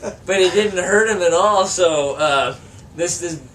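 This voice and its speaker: A man's voice: high-pitched, unhurried, a bit bright. A young man in a band, casually telling a long, profane story in an interview and laughing through it. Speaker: band member. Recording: distant mic with faint room noise.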